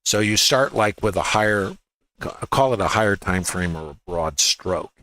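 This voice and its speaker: A man coaches viewers through a live chart in a bright, forceful voice. He hammers key words through repetition and keeps asking his audience rhetorical questions. The sound is close and dry, with no room in it. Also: low voice, expressive, normal speed, no echo, low-quality recording. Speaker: trading educator. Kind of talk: live trading chart walkthrough.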